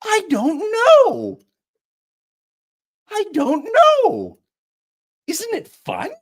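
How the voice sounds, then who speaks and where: Squeaky chirpy little sing-song voice, bouncy and giddy, way up high. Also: male voice, sing-song, drawn-out words, heavily acted. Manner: giddy, wide-eyed. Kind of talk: audiobook character voice.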